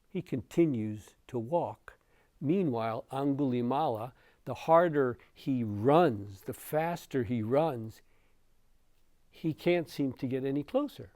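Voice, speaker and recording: A man giving a dharma talk as a meditation teacher, telling a story in an unhurried way with soft chuckles. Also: medium pitch, animated, dry recording, clean studio sound.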